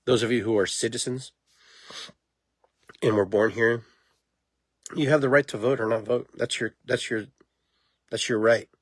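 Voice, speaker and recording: A man hosting a podcast in a casual monologue, talking in an animated, rambling way and laughing at himself. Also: mid-range voice, moderate pace, long pauses, slightly rough, dry recording. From immigrant to the United States. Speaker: podcast host.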